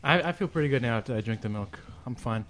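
A man's voice: mid-range voice, animated, fast, fairly bright tone, a little hiss or hum. A man bantering and commentating on a hot sauce challenge, joking and laughing often, and phlegmy from the sauce.

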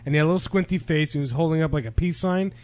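A man's voice: a little high, rapid-fire, a little mellow. A young man from New Jersey on a podcast, rambling in casual chat and searching for words. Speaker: podcast co-host.

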